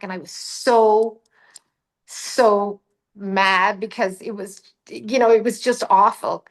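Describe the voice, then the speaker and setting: Irish woman telling a story animatedly. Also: mid-range voice. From Ireland. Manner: animated, vivid storyteller, acts out her own past words. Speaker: guest, psychic medium. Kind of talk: casual storytelling.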